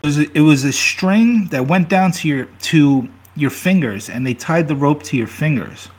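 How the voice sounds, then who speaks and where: A man's voice: on the high side, lively intonation, moderate pace, darkish tone. A man co-hosting a casual podcast, telling jokey stories and laughing often. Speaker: podcast co-host. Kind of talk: casual chat.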